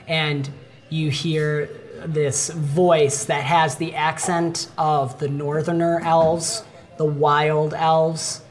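A game master narrating a tabletop game in a casual, chatty way. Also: medium pitch. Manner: casual, chatty, many fillers and restarts.

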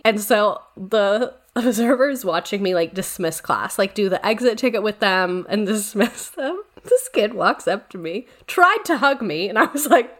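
A woman's voice: a little high, lively intonation, normal speed, hardly any pauses. Chatty young woman telling classroom stories. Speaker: podcast co-host, former teacher. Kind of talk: casual chat.

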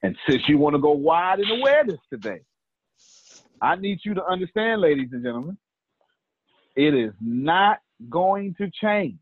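Animated man teaching over a tinny line. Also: on the high side, moderate pace, breathy edge, no room sound. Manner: animated, colloquial, calls on listeners by name. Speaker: teacher and host. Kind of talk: live teaching talk with storytelling. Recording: tinny phone-like dry line.

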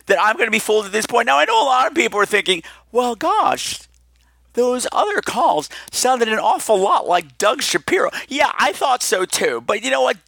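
A man hosts a podcast in a campy, teasing, theatrical way. His voice sits high and bright and swoops around a lot. The sound is dry and close. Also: gravelly, no echo. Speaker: podcast host. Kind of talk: casual podcast monologue.

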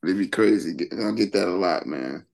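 A laid-back man chatting on a podcast, trailing his sentences with "man". His voice is lowish and gravelly with plenty of fry. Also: expressive, normal speed, darkish tone. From South Side of Chicago. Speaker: guest hip hop artist. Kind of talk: casual chat.

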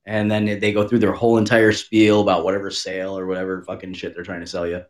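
A man's voice: sits low, little pitch movement, fast talker. A young man co-hosts a casual podcast. He talks in an easygoing, profane way and shares tips in a plain conversational voice. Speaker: podcast co-host. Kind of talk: casual chat.

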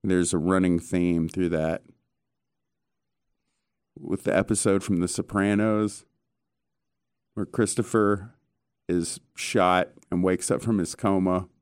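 A man hosting a casual chat, telling stories in an animated way with casual swearing. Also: deep voice, slow pace, long pauses, clear, resonant tone, no echo, studio quality.

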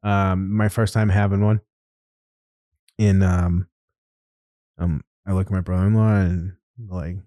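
A man's voice: deep voice, unhurried, long pauses, no echo, studio quality. A man hosting a podcast who tells a story in casual chat, swearing freely and laughing often. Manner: laughing storyteller, profane and animated. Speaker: podcast host.

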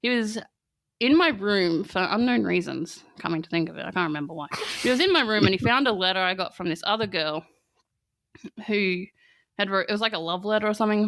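Chatty young Australian woman, smooth voice. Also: mid-range voice, animated, brisk, fairly bright tone, no echo. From country Victoria, Australia. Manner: chatty, laughs often, fills with "like". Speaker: podcast guest. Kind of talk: candid casual conversation.

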